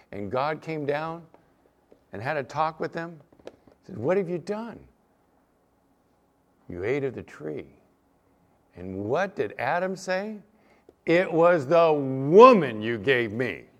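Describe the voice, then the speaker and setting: Guy preaching a sermon, acts out little quotes, voice swings up and down a lot. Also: on the high side. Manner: animated storytelling, acting out quotes. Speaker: pastor.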